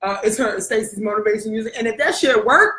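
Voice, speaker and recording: A Brooklyn woman chats casually and animatedly, laughing and swearing freely. Her voice is bright and slightly high. The room gives it a noticeable echo. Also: fast. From Brooklyn, New York. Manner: animated, laughing, profane and playful. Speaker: co-host. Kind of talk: casual chat on a live stream.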